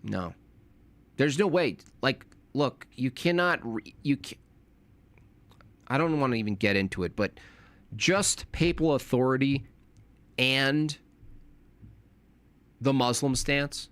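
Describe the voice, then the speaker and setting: A man's voice: medium pitch, animated, slow pace, long pauses, a bit bright, dry recording. A young man talking casually on a live stream, rambling and correcting himself, with informal slang.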